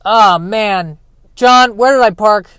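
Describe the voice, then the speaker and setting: A man's voice: sits high, slow, fairly bright tone, clean tone, no room sound, pitched above the performer's own voice. A man doing an impression of a flustered, rambling musician searching for his car. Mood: frantic. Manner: frantic, rambling.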